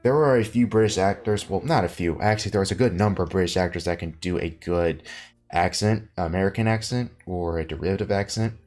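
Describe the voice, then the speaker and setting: A man's voice: low voice, brisk, darkish tone, soft background music. A tired man hosting a podcast, rambling through a casual rant. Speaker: podcast host.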